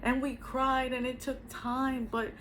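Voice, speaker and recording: A woman's voice: high-pitched, level tone, unhurried, fairly bright tone, a little hiss or hum, low-quality recording. A middle-aged woman, a spiritual healer, telling her own story to the camera earnestly and reflectively, often repeating her phrases. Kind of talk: personal testimony to camera.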